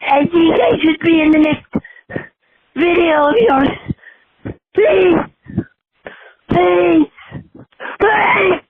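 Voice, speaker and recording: A man's voice: very high voice, very slow, pauses often, exaggerated voice. A man voicing a whiny little gold-hoarding creature, leaving a pleading voicemail. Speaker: caller. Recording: tinny phone voicemail with hiss.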